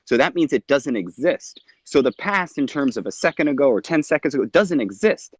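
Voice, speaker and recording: Brief: mid-pitched man, patient explainer, dry close-miked sound. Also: fairly quick, husky, dry recording. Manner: calm, explanatory reasoning. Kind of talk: casual discussion.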